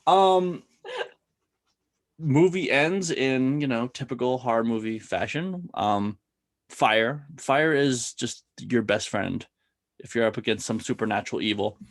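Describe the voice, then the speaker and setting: A man's voice: mid-range voice, unhurried. A man co-hosting a casual horror-film chat, retelling scenes expressively and laughing at them. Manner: expressive storyteller, laughs at his own recaps. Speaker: podcast co-host.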